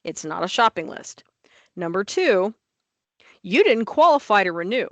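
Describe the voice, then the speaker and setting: A woman's voice: mid-range voice, very animated, normal speed, no room sound, dull audio. A woman on licensing office staff, talking through rule changes at a board meeting in an emphatic, plain-spoken way.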